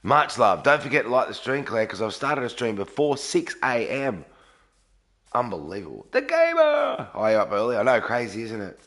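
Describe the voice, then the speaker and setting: A man live-streaming a game early in the morning from a garage, talking quietly and sleepily while reading out chat. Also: fairly low pitch, moderate pace. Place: garage with echo.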